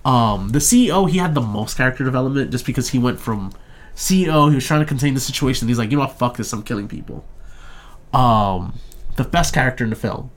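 A man's voice: mid-range voice, animated, fast talker. A young man casually recapping a movie in a chat, rambling and profane, briefly acting out the characters' lines. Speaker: podcast co-host reviewing a movie.

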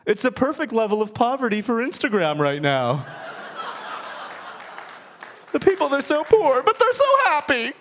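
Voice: medium pitch, wildly swooping pitch, normal speed, long pauses, a bit bright, pitched above the performer's own voice. A man voicing a clueless tourist who gushes with breathless enthusiasm. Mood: gushing.

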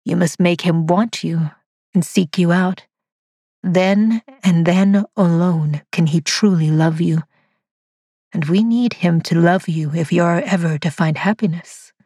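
A woman voicing a calm, controlling male cyborg master in a storybook reading, speaking softly and gently. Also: on the low side, breathy edge, no echo, clean studio sound. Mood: commanding. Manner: soft, gentle, measured delivery. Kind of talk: audiobook dialogue read by a narrator.

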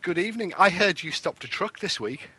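A man's voice: high-pitched, expressive, fairly quick, bright, forceful tone, breathy edge. A man co-hosting a radio show, teasing in dry banter and asking long, rambling questions. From England. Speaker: radio co-host. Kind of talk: casual radio show chat.

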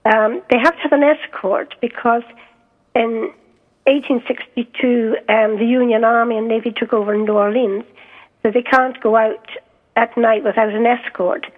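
A Scottish woman talks over a tinny phone line, her voice pitched a little high. She is an author being interviewed, and she speaks hesitantly, filling gaps with ums and going back over her own words. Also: fairly even intonation, normal speed. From Scotland. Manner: hesitant, many ums and restarts.

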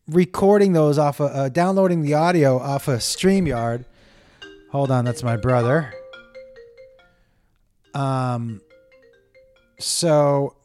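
A man's voice: medium pitch, no echo. A man hosting a live stream, telling a rambling, profane story to his viewers in a casual way. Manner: animated, profane, rambling with many restarts.

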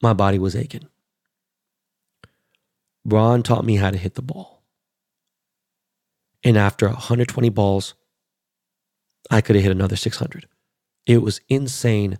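Gravelly, profane man ranting about sports. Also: on the low side, unhurried, pauses often, no echo, clean studio sound. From Los Angeles. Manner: profane, blunt and excitable. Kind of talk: casual sports rant.

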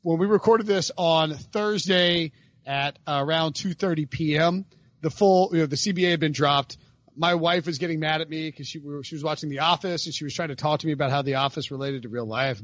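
A man hosting a podcast, talking in a rambling, animated, self-interrupting way. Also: fairly high pitch, fairly quick, no room sound, dull audio. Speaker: podcast host. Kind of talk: casual chat.

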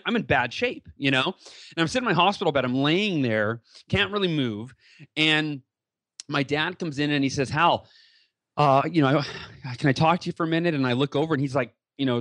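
A man telling a personal story as a podcast guest, earnest and animated, with many fillers and restarts. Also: a little high, no room sound. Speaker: guest speaker.

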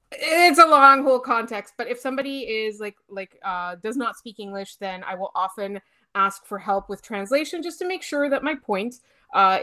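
Animated woman from Montreal. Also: medium pitch. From Montreal, Quebec. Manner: animated, many fillers, rapid restarts. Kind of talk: casual opinionated chat.

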